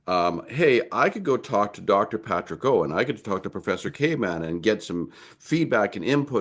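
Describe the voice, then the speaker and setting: A man hosting a podcast interview, talking in an earnest, rambling way with lots of fillers. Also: fairly low pitch. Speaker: podcast host. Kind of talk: casual interview.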